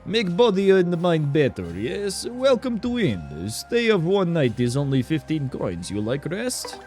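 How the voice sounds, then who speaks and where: A man's voice: fairly high pitch, wildly swooping pitch, measured pace, darkish tone, soft background music, pitched above the performer's own voice. A man voicing a game bob-omb innkeeper in a put-on Russian accent with broken, clipped English. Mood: welcoming.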